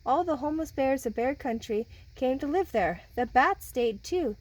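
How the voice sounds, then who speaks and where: A woman's voice: high voice, moderate pace, slight background noise, poor audio. A woman reading a children's picture book aloud and chatting with the kids who listen. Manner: animated, talks with listening children. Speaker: storybook reader.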